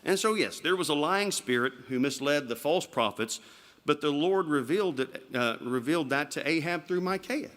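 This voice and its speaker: A man's voice: on the high side, expressive, moderate pace, a bit bright. A man preaching an evening sermon in a church, speaking in a conversational way and putting rhetorical questions to the congregation. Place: church sanctuary.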